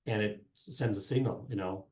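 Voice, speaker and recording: Middle-aged male guest, casual rambling talk, warm dark tone, roomy echoey sound. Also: fairly low pitch, moderate pace. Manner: rambling, many fillers and restarts. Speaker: guest, sports marketing specialist and former TV reporter. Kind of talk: casual interview chat. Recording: roomy echo.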